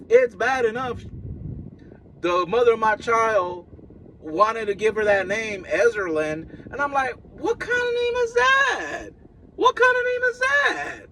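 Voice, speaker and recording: A man in his thirties rambles through a personal vlog in a fairly high voice, venting, stumbling over his words and apologizing. He talks slowly and unhurriedly. A steady noisy hum sits behind him. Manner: halting, repetitive, venting and apologetic. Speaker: vlogger.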